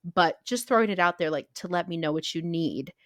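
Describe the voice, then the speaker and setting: A middle-aged woman co-hosting a podcast, blunt and swearing freely as she tells animated stories. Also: lowish voice, a little fast, no room sound, clean studio sound. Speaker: podcast co-host. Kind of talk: casual chat.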